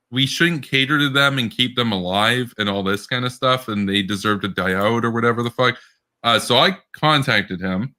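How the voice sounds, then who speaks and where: A man's voice: mid-range voice, bright, forceful tone. A man co-hosting a casual political podcast, rambling with many restarts and bursts of laughter. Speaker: podcast co-host.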